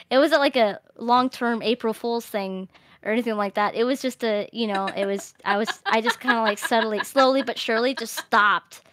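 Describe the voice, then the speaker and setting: A young woman streamer chatting casually in a rambling, animated way, laughing often. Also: a little high, a little fast, dry recording, studio quality. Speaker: streamer host. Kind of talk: casual chat.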